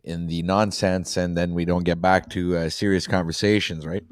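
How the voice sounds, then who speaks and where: A man on a talk show, calm and matter-of-fact. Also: low-pitched, normal speed, no echo, studio quality.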